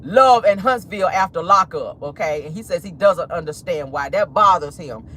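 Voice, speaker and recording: A woman's voice: on the low side, moderate pace, slight background noise. Sassy woman dishing celebrity gossip. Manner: animated, sassy, laughing, addresses viewers as y'all. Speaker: host. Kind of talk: casual celebrity gossip commentary.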